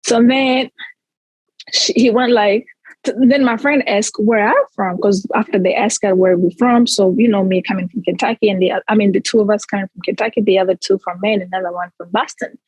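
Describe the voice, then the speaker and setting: A woman from Central Africa, a podcast guest, telling stories in an animated, chatty way and linking each step with "so". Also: medium pitch, a little fast, breathy edge, dry recording, poor audio. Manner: animated, tells stories in long chains of "so". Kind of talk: casual storytelling.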